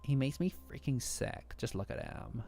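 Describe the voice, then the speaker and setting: A man's voice: medium pitch, lively intonation, moderate pace, gravelly, dark tone. A man voicing a sneering male self-doubt demon that taunts and mocks a sleeping person. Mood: disgusted. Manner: taunting, mocking. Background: faint lofi music.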